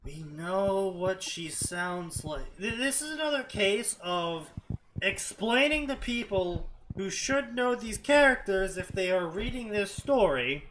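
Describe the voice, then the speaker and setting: A man's voice: high voice, animated, takes it slowly, fairly bright tone, a little hiss or hum, rough recording. A man co-hosting a stream, reading fanfiction aloud and skimming parts with mocking "blah, blah" asides. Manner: skims text with mocking "blah, blah". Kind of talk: casual stream commentary.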